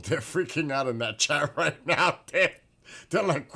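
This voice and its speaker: It's night, and a livestream host sits in his backyard, his medium-pitched, creaky voice moving a little slowly. Still, he's excitable, laughing and exclaiming a lot as he goes through the chat.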